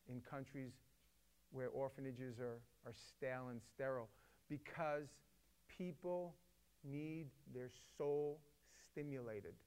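A middle-aged man telling a story to a co-host with passion, swinging between loud emphatic bursts and hushed, quiet stretches. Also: on the high side.

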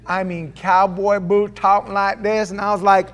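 A man preaching a sermon to a congregation, telling stories and then reading scripture aloud, swinging between loud declaiming and hushed asides. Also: high voice, little pitch movement, moderate pace. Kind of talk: sermon with personal storytelling. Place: church before a live congregation.

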